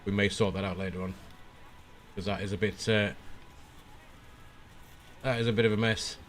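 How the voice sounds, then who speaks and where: A man streaming a flight simulator, casually talking through his preflight setup and often pausing with "uh" as he thinks aloud. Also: fairly low pitch. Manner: relaxed, thinking aloud with frequent "uh" pauses. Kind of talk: casual live-stream commentary.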